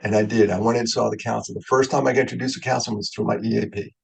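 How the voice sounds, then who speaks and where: A man's voice: fairly low pitch, steady tone, very fast, vocal fry, husky, poor audio. A middle-aged man from New York giving a conversational webinar talk, joking and openly emotional as he goes. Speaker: guest speaker.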